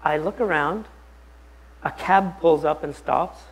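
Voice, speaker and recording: A man, a pastor, telling a personal story during a bible study talk in an animated, anecdotal way. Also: fairly high pitch, slow, breathy edge, poor audio.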